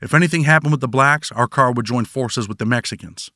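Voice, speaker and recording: A man's voice: medium pitch, fairly quick, pushed and bright, no echo. A man narrating his own prison memoir in first person, with dry, wry storytelling.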